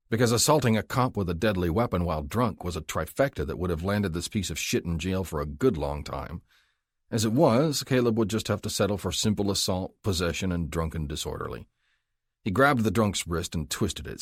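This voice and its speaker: Deep-voiced male audiobook narrator. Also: slightly rough, no room sound, studio quality. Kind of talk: scripted narration.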